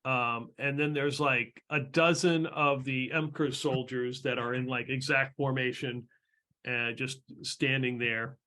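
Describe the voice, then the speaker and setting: A man's voice: medium pitch, fairly even intonation, measured pace, bright, forceful tone. A man narrating a tabletop game as game master, describing scenes in a rambling, hesitant way.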